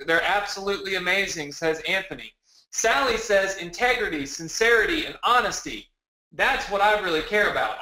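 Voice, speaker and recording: A man presenting a live sales webinar from his home, energetic and repetitive, rallying the audience with questions. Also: high-pitched, echoey room, low-quality recording. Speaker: webinar presenter selling a product. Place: home office.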